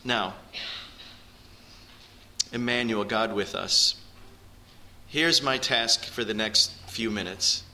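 A man preaching a sermon to his congregation, earnest and direct, often rising in pitch and force to stress a point. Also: slow pace, long pauses, pushed and bright, a little hiss or hum, poor audio. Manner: earnest, rises in pitch and volume for emphasis, addresses the congregation directly. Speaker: pastor. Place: church.

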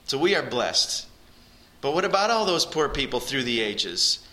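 Bright-toned man preaching a sermon. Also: big pitch swings, moderate pace, low-quality recording. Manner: earnest, rises in pitch and volume for emphasis, addresses the congregation directly. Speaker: pastor. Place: church.

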